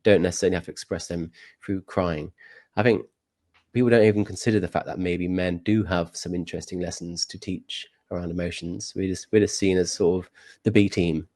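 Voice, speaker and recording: A young man speaking as a podcast guest, reflective and measured, hedging his points in casual conversation. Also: low voice, steady tone, a little mellow, dry recording. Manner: reflective, measured, with many hedges.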